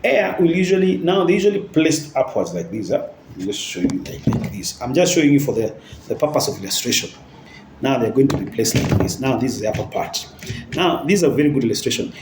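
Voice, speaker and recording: A hybrid battery technician demonstrating cells to viewers and checking in often with "okay?". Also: male voice, mid-range voice, lively intonation, brisk, a little mellow, roomy sound, slight background noise, poor audio. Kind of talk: hands-on explanatory demonstration.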